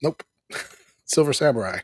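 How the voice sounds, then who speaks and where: A man's voice: mid-range voice, expressive, a little slow, slightly rough, dry recording. A man hosting a casual live review stream, easygoing, laughing often and acting out characters' lines as he recaps. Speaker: host reviewing a cartoon episode.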